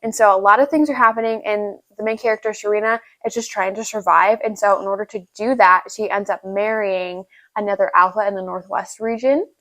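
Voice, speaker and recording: A woman's voice: medium pitch, fairly even intonation, fairly quick, few pauses, fairly bright tone. A young woman chatting casually about upcoming books, gushing and full of "like" and "right?". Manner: gushing, filler-heavy with lots of "like" and "right?". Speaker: book vlogger. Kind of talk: casual chat.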